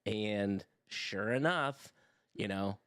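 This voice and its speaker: Chill podcast host guy, lowish voice, dry close sound, talks loose and slangy. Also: extremely slow, fairly bright tone, clean tone, no echo. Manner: laid-back, laughs easily, loose slangy talk. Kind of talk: casual podcast chat.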